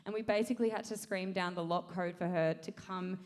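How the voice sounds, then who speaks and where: Aussie woman on stage, spinning a wild yarn, super animated, doing all the voices herself. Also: lowish voice, a little fast. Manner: animated, acts out quotes, laughs through story. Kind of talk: live stage storytelling. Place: live comedy stage.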